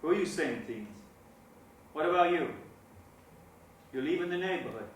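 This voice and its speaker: A man's voice: on the high side, animated, normal speed, a little hiss or hum, natural voice. An actor playing a menacing, foul-mouthed neighborhood gangster man. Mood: demanding. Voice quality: crude and intimidating. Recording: echoey room, mic at a distance.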